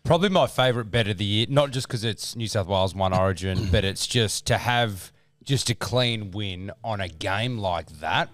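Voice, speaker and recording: A man's voice: on the low side, moderate pace, fairly bright tone, no echo. An Australian man chatting casually on a sports betting podcast. He rambles in a loose, easygoing way, recorded close and dry. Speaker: podcast co-host.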